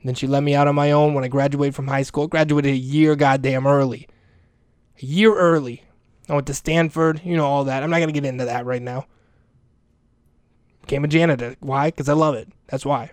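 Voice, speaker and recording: A man's voice: fairly high pitch, fairly even intonation, fairly quick, no echo, clean studio sound. A middle-aged man doing a comedic monologue as a school janitor, ranting and rambling crudely with constant swearing. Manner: crude, profane, rambling rant.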